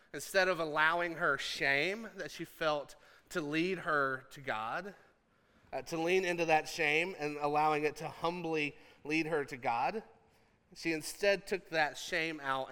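A male pastor preaching a sermon in an animated, conversational, jokey way. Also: on the high side, a little slow, in a large hall.

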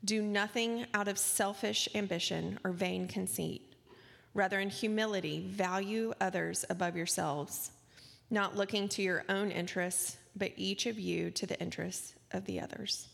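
Woman reading scripture in a gravelly voice. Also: medium pitch, steady tone, a bit bright. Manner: slow, measured reading. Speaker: scripture reader. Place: large church sanctuary. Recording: distant voice with long hall reverb.

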